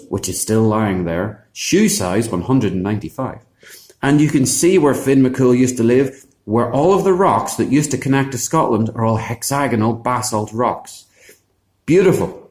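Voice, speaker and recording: A male storyteller with a mid-range voice telling a folk tale in a lively, chatty way. The sound is roomy and echoey. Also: medium pitch. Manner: lively, conversational, with sound effects in voice. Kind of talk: animated oral storytelling. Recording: echoey room.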